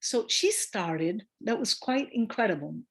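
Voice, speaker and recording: A woman midwife, a guest in a conversational interview, telling a story with emphasis, acting out quoted voices and pausing on fillers. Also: medium pitch, husky. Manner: animated storyteller who acts out quoted voices; warm and emphatic, with hesitant fillers.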